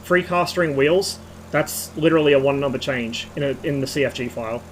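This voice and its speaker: A slightly hoarse man streaming, giving a rambling technical rant with casual swearing. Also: mid-range voice, a little fast, a little hiss or hum, low-quality recording.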